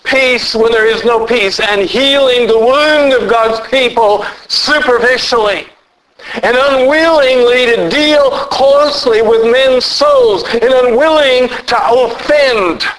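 A man with a fairly high voice preaches a sermon. He speaks earnestly and leans hard into key words. He slows down as his voice rises on the points he stresses. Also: slight background noise, low-quality recording. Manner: earnest preaching, rising to emphatic peaks; lively pitch, slows down for emphasis.

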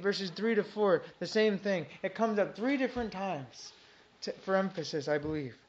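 An earnest woman leads a Bible teaching for a small group, reading passages aloud and stressing them through repetition. Her voice sits a little high. The recording is dull and lo-fi. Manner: earnest, reads scripture aloud with emphatic repetition.

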